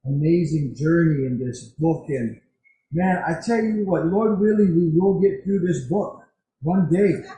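Animated male pastor in echoey hall. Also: a little high, a little slow. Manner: animated, personal storytelling. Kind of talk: sermon. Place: church sanctuary.

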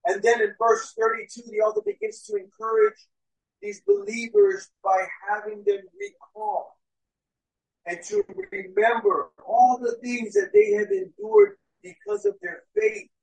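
A young man preaching a sermon as pastor, telling stories and swinging between loud and hushed delivery. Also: very high voice, creaky, breathy edge, rough recording. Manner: storytelling, acts out crowd voices, swings between loud and hushed.

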